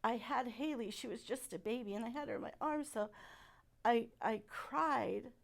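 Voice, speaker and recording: A middle-aged woman giving a personal testimony at church, speaking softly and haltingly with many pauses. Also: on the high side, creaky. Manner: halting and soft-spoken, many pauses and fillers.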